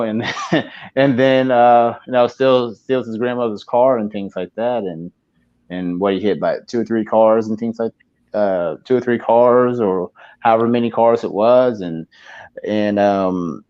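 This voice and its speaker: A man calling in to a talk show while on the move, speaking haltingly with many fillers and restarts. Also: fairly low pitch, steady tone, a little mellow, smooth, highs cut off. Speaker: caller. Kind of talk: casual call-in talk.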